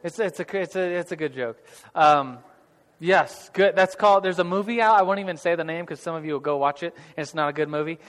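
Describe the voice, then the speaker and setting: A man's voice: a little high, a little fast, fairly bright tone, long reverb tail. A man leading an interactive church group class, talking casually and jokingly with many restarts. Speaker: Bible class leader. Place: large hall with tables of listeners.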